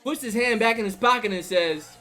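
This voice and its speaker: A man's voice: high voice, fairly quick, bright, forceful tone, faint music behind. A man streaming live, telling a tall tale in hyped slang and asking "right?" after every beat. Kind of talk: animated storytelling on a live stream.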